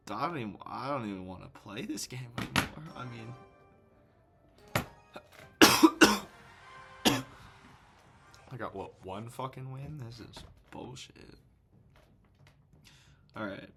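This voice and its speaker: A man's voice: mid-range voice, lively intonation, slow, gravelly, pauses often, a bit bright, faint music behind. A young man swearing and ranting as he comments on his own gameplay. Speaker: gamer. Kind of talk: casual gaming commentary.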